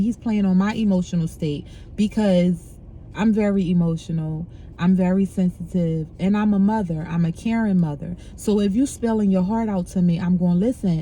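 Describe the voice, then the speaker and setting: A woman's voice: mid-range voice, mellow, a little hiss or hum. A middle-aged woman candidly sharing a painful personal story, frank and emotional, speaking casually with profanity.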